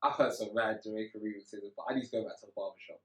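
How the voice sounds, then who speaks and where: A man co-hosting a casual group podcast, animated and teasing, often talking over the others. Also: on the low side, rapid-fire, husky. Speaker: podcast co-host. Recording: roomy, mic at a distance, loud chatter of others.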